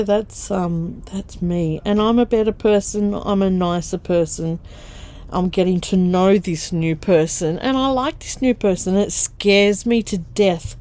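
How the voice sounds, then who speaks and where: A woman's voice: medium pitch, warm tone. An older woman, chatting candidly while she sews for her craft vlog, laughing often. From Australia. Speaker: craft vlogger. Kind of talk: casual chat while sewing.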